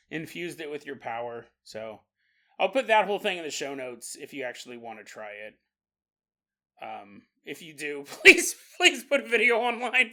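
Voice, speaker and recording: A man hosting a podcast, telling a comic monologue with frequent laughs and quick acted-out voices. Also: a little high, bright, forceful tone. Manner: jokey, laughs often, acts out little voices. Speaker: podcast host. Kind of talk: comedic monologue.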